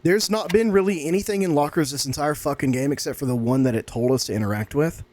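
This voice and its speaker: A man giving excitable, sarcastic let's-play commentary on a horror game as a gaming YouTuber. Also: a little high, fast talker, slight background noise.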